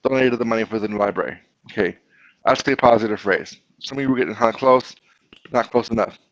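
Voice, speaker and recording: A male teacher with a lowish voice speaks at a quick pace, giving a classroom grammar lesson. He is patient, explains step by step, and asks the class questions. The sound is dry and slightly muffled, with no echo.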